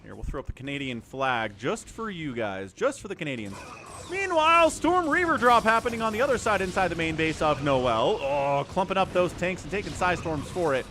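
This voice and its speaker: A man commentating a strategy game live on his stream, chatty and excitable, thanking viewers between plays. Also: a little high, fairly quick, a little hiss or hum. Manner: animated, chatty, thanks viewers mid-play.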